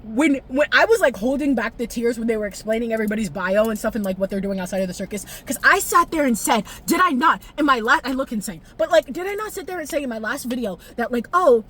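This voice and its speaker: Young woman, highish voice, swearing, laughing, emotional vlog rant. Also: quick pace, hardly any pauses, husky. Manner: expressive, profane, laughs often, jumps pitch when excited. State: tearful at times. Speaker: vlogger. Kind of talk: casual animated recap.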